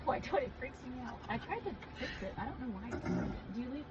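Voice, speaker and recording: A woman in casual chat on a podcast, telling animated stories and laughing often. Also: high voice, fast. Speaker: podcast guest. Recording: dull lo-fi sound with clear background noise.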